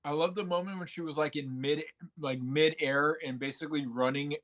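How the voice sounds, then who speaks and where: A man's voice: a little high, steady tone, a little fast, a bit bright. A man co-hosting a casual movie podcast, thinking aloud and restarting his sentences. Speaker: podcast co-host.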